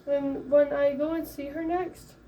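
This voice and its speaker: A young woman from Michigan, a first-time mom, casually telling a story in a chatty, animated way, acting out the voices of the people in it. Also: high voice, measured pace, recorded from a distance, slight background noise. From Michigan, USA. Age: young adult. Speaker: vlogger. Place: home, late at night.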